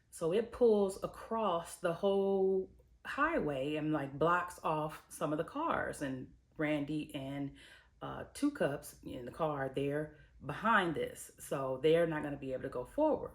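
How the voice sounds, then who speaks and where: A woman's voice: sits low, slow pace. A woman host giving a casual, slangy recap of a TV episode, telling it like a story and acting out the characters' lines. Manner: lively storytelling, slipping into characters' voices; colloquial, slangy. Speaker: TV reviewer and host.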